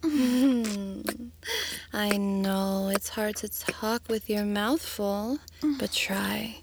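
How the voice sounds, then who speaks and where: A woman's voice: medium pitch, fairly even intonation, drawn-out words, background noise. A woman in a whispered role-play, talking in a teasing, coaxing way and often dropping to a whisper.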